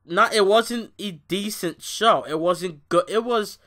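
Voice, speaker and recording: A young man rants through a review, swearing freely and sounding fed up. He talks slowly, dropping into low grumbles and then flaring up loud. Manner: profane, exasperated, swings from loud outbursts to low muttering. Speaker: wrestling show reviewer. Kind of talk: ranting show review.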